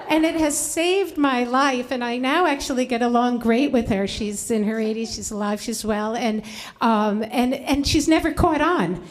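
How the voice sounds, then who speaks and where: Woman, 50s, live storyteller; slightly high voice, loose, filler-heavy delivery. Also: moderate pace, slight background noise. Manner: chatty, many fillers and restarts. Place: library event before an audience.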